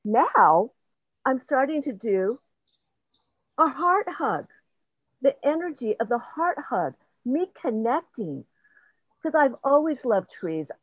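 A woman's voice: sits high, very animated, slow pace, long pauses. An older woman talks through her personal experiences in a rambling, earnest way and often laughs at herself. The audio is muffled and lo-fi, with a dry, close sound and no room echo. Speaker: participant sharing in a group session. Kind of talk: personal sharing, casual talk.

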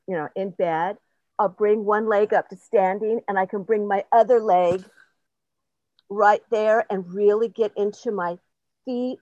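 A woman's voice: medium pitch, a little mellow, dry recording. An older woman sharing her personal experiences in a casual, rambling, earnest way, sometimes laughing at herself. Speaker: participant sharing in a group session. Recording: dull lo-fi audio, dry.

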